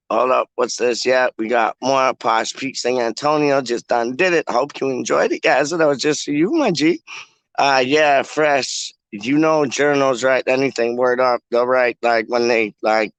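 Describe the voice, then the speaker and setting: A man's voice: medium pitch, a little slow, gravelly, fairly bright tone, dry recording. A man hosting a casual livestream, rambling in slang with lots of "like" and restarts. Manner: slangy, rambling, heavy use of "like". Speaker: livestream host. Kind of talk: casual live chat.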